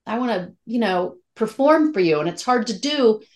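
A woman's voice: a little high, lively intonation, moderate pace. A middle-aged woman, an actress, talking candidly and emotionally in a casual interview, with many fillers and restarts. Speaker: actress guest.

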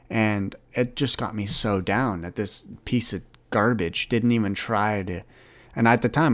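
A man in his twenties talking earnestly in a rambling solo podcast monologue, often restarting his sentences. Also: on the low side. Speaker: podcast host.

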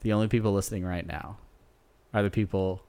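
A man with a low voice chats loosely as a podcast co-host. He jokes around and plugs the show's pages in a relaxed, easygoing way. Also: brisk, vocal fry. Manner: joking, relaxed plugging of the show. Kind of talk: casual podcast chat.

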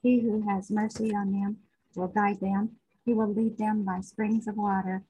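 A woman in a study group reading a long scripture passage aloud in a steady voice. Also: mid-range voice, unhurried, slight background noise. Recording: muffled lo-fi call audio.

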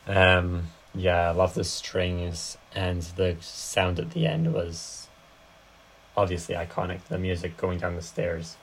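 A woman's voice: rumbling low, slow pace, a little hiss or hum. A young woman co-hosting a podcast, talking about films in a laid-back way with short agreements and casual swearing. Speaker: podcast co-host. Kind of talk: casual film-review chat.

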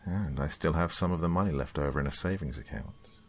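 A man narrating a horror story in a measured, somber delivery. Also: extremely low pitch.

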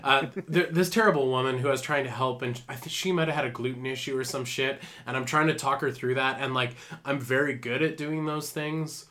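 A young man hosting a podcast chats casually, telling loose, rambling stories full of fillers and frequent laughs. His mid-range voice is bright and forceful with a steady tone, a little fast and hardly pausing.

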